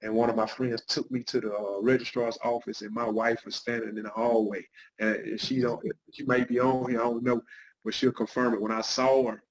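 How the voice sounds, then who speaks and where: A man's voice: medium pitch, level tone, a little fast, poor audio. A middle-aged man, a guest pastor and counselor, telling his life story in an interview with an earnest, heartfelt manner.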